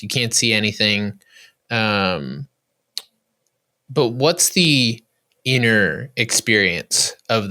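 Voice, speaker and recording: A man hosting a podcast interview, asking long, curious questions and thinking out loud as he goes. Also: medium pitch, clear, resonant tone. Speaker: podcast host. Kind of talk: conversational interview.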